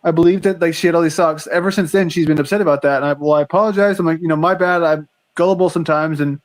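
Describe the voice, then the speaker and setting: Quick, rambling young man. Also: a little high, steady tone. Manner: rambling, filler-heavy, quick. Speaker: streamer. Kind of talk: casual chat.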